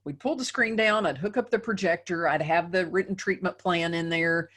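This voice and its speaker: A woman's voice: on the low side, normal speed, a bit bright. A middle-aged woman giving a live webinar lecture as a dental practice trainer, speaking conversationally and often tagging sentences with "right?".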